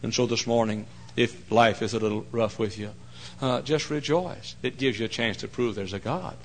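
A male pastor preaching a folksy, emphatic sermon that swings into loud cries. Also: medium pitch, moderate pace.

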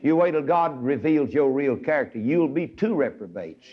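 A man preaching a fiery old-time sermon, acting out Bible characters in sudden shouts. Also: medium pitch, animated, moderate pace, slightly rough, muffled recording.

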